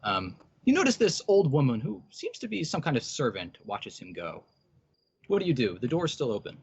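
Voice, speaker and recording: A man's voice: mid-range voice, huge pitch swings, a little fast, breathy edge. A man narrating as game master, with many hesitant ums and uhs. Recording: dull lo-fi recording.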